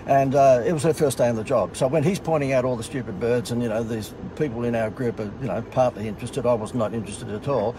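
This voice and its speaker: A man's voice: medium pitch, steady tone, fast, hardly any pauses, background noise. A middle-aged Australian man casually telling a funny story in a sarcastic, self-mocking way. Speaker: host.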